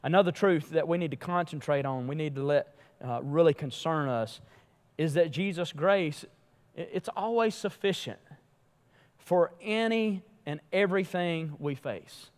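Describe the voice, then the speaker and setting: A man pastor preaching a sermon in a church, emphatic, rising and falling in loudness. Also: a little high, a little slow. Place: church sanctuary. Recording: long hall reverb.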